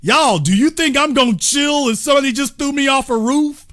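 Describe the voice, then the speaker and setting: A man's voice: extremely high pitch, brisk. A man hosting a show, giving casual, joking commentary on a video and talking straight to his viewers. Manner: animated, joking, talks to viewers as y'all. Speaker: host.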